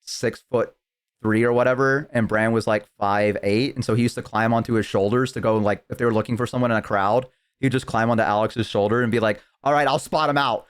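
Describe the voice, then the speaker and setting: A man's voice: medium pitch, steady tone, brisk, smooth. A young man streaming live, telling a long, rambling story in casual chat with lots of fillers and restarts.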